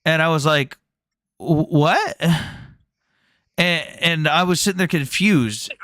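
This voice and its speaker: Male stream host, animated storyteller, bright forward tone, dry close-miked sound. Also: fairly high pitch, moderate pace, no echo. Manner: animated storyteller, mimics others' voices. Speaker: livestream debate host. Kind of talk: casual livestream chat.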